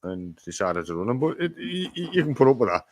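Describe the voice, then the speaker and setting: A middle-aged man chiming into a story on a podcast, quick and swearing. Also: medium pitch, big pitch swings, a crowd in the background. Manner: quick, interjecting, swearing, chuckles. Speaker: podcast co-host. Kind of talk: casual storytelling chat.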